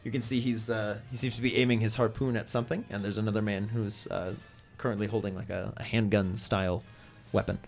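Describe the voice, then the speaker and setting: A man narrating a tabletop game as its game master, easygoing and rambling with lots of fillers. He jumps into loud voices for the people in the scene. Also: on the low side, brisk, gravelly, faint music behind. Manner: relaxed, filler-heavy narration with sudden shouted character voices.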